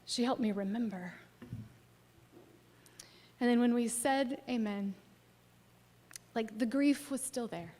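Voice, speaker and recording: A woman pastor preaching a sermon, telling a personal story expressively and dropping at times to a soft near-whisper. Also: fairly high pitch, takes it slowly, pauses often. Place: church sanctuary. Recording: long church hall reverb.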